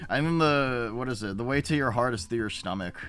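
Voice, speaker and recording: A man's voice: medium pitch, fairly quick, a bit bright, soft background music. A man streaming and chatting casually with viewers, rambling with frequent restarts and plenty of swearing. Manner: rambling, profane, self-interrupting.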